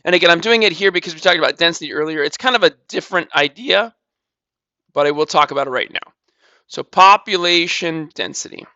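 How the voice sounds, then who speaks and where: A man's voice: fairly high pitch, brisk, sharp tone, dry recording, highs cut off. A man teaching a recorded math lesson, walking through calculations step by step in a casual way and repeating numbers.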